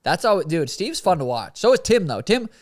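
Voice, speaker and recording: A man with a somewhat high-pitched voice hosts a fight podcast in casual chat. He banters loosely and swears a lot. The sound is dry and close to the mic. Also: big pitch swings, moderate pace, dry recording. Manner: loose, profane, laughing banter. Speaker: podcast host.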